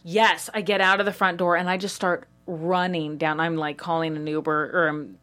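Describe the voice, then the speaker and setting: Animated woman telling a story. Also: lowish voice, normal speed, crowd noise. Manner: animated, acts out quoted voices. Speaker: guest comedian. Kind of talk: casual storytelling chat.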